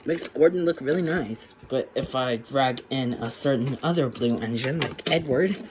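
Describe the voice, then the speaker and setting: A man's voice: on the high side, a little hiss or hum. A man casually reviewing a toy train set, chatty and rambling with frequent restarts.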